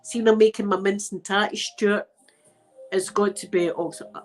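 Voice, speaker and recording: Scottish woman, mid-pitched, stuffy-nosed, rambling live-chat host, faint music behind. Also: fairly even intonation, normal speed, rough recording. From Scotland. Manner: chatty, rambling, swears casually, laughs often. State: blocked nose. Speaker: ASMR channel host. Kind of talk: casual livestream chat, answering viewers. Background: faint music playing.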